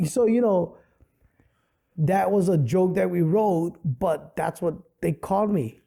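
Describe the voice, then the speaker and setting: A middle-aged man from Hawaii, a comedian telling stories in an animated way with many fillers, on a studio podcast mic. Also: sits high, slow pace, vocal fry. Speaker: comedian and guest. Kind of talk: casual interview storytelling.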